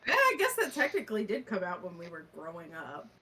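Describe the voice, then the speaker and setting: A woman's voice: on the low side, wildly swooping pitch, a little fast, a crowd in the background. A young woman co-hosting a casual podcast chat, laughing often as she talks. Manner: giggly, laughs often while talking. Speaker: podcast co-host.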